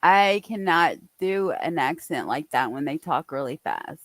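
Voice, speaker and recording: A woman's voice: low-pitched, lively intonation, unhurried, no echo. A woman chatting casually on a live stream, reacting aloud and laughing.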